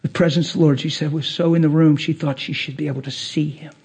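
Male preacher, husky and fairly high, lively testimony storyteller who laughs often. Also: fast talker. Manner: animated storytelling, wide swings from hushed to loud; laughs through his words. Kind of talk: testimony sermon.

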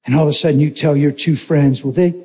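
Male pastor, high voice, animated and joking sermon storytelling. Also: fast.

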